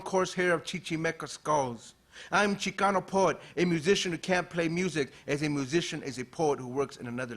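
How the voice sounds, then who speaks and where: A man with a slightly high voice gives a poetry reading in a university lecture hall. He talks easily and casually between pieces, then reads his lines with steady weight. He grew up in Los Angeles. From Los Angeles, USA. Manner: relaxed and conversational when talking, measured and declamatory when reading verse. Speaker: poet. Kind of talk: poetry reading with spoken introduction.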